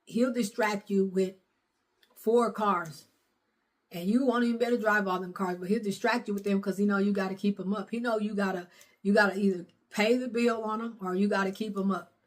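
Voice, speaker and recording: A woman's voice: medium pitch, steady tone, brisk. Lady preaching hard, says things over and over, plain middle voice. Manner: fervent, repetitive preaching with dropped grammar. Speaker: prophetess preaching. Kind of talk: sermon.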